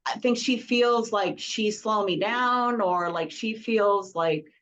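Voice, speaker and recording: A woman's voice: mid-range voice, takes it slowly, fairly bright tone. Chatty middle-aged woman on a video call. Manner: rambling storytelling with many fillers and restarts. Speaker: songwriting circle member. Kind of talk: casual video call chat. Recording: slightly dull video call audio.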